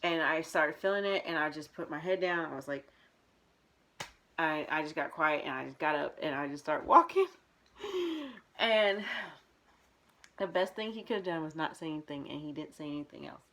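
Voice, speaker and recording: A woman's voice: deep voice, lively intonation, moderate pace, long pauses, fairly bright tone. A young woman vlogging, telling a personal story in a candid, rambling way with many fillers and restarts.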